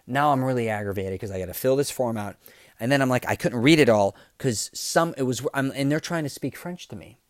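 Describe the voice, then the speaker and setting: Male podcast host, casual storytelling, animated and profane, medium pitch, dry close sound. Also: a little fast, no echo. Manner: animated, profane, swings between loud outbursts and low asides.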